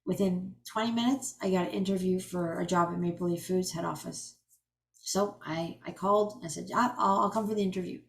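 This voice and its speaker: Woman, forties, healing coach on a group call; chatty, animated storyteller who restarts sentences often. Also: lowish voice, fairly quick, vocal fry. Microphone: video call.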